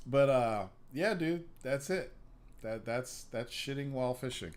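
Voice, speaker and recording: A man's voice: mid-range voice, measured pace. Profane rambling male podcast host. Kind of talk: casual chat.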